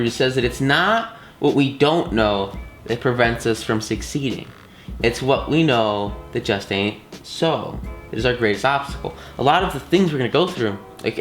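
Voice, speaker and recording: A man's voice: mid-range voice, a bit bright, echoey room. A man giving a casual, enthusiastic course lesson, talking in slangy bursts with many fillers and restarts. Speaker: course instructor.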